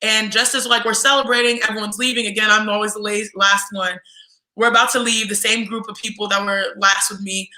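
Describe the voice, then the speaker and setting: Woman, 20s, podcast guest. Lively storyteller who mimics others' voices; very bright tone, roomy sound. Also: mid-range voice, brisk. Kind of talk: casual storytelling.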